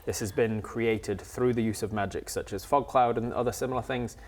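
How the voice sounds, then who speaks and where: A man's voice: medium pitch, fairly even intonation, fairly quick. Rambling man running a tabletop game. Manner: rambling, many fillers, laughs easily. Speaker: game master.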